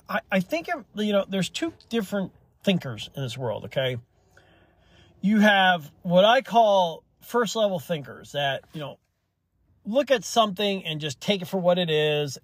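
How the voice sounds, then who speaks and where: A man's voice: a little high, no echo. A young man hosting a solo opinion podcast, rambling and swearing freely as he argues his views. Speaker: podcast host.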